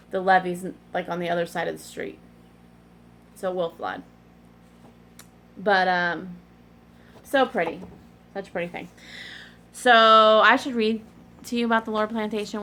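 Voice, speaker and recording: Chatty woman with a gravelly edge. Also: mid-range voice, pushed and bright, a little hiss or hum. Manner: chatty, digressive, apologetic asides. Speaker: cross-stitch vlogger. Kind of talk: rambling casual chat to camera.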